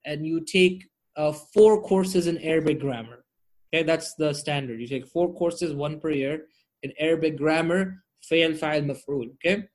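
A man's voice: a little high, moderate pace. A man teaching Arabic grammar online, drilling word forms and checking in with his students often.

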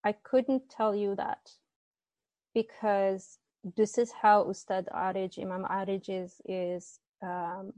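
A woman's voice: medium pitch, little pitch movement, slow pace, a little mellow, dry recording. A young woman teaching assistant explaining grammar in an online tutorial, hesitant and often apologizing.

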